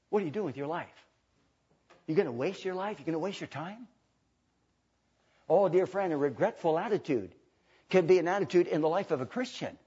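Male preacher, husky high voice, dramatic sermon from hush to shout, dull lo-fi sound. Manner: swings from hushed to shouting, dramatic emphasis. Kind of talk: fiery sermon. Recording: dull lo-fi recording.

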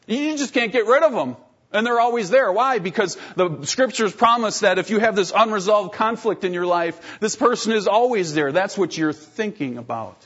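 A man in his thirties preaching a sermon as a pastor, telling lively stories with self-deprecating humor and often clearing his throat. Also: high-pitched. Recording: dull lo-fi sermon recording.

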